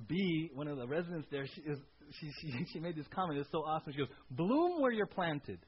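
Husky high-voiced preacher. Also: male voice. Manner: conversational preaching, frequent "right?" tag questions. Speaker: pastor. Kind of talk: sermon. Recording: dull lo-fi sound.

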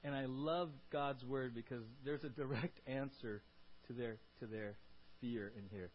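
A man's voice: mid-range voice, fairly even intonation, measured pace. A male pastor preaching emphatically, often asking "right?" and acting out quoted lines in changing voices. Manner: emphatic, punctuates points with "right?" and "good". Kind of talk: sermon. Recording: dull lo-fi sermon recording.

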